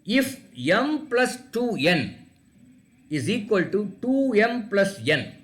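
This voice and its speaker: Slow and sing-song, a high-pitched, slightly bright male voice reads questions aloud for an online class quiz. The teacher repeats every question and spells words out one letter at a time.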